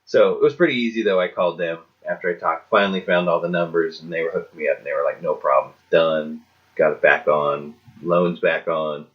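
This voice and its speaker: This man co-hosts a casual chat show and talks in a relaxed, rambling way, swearing bluntly. His voice sits very low, and the recording sounds dull and lo-fi. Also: brisk. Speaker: podcast co-host.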